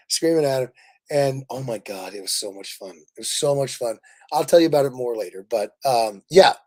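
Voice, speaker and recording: Excitable man chatting on a livestream. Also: mid-range voice. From Kansas City, Missouri. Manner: animated, laughing, rambling storyteller. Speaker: livestream host. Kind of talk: casual livestream chat.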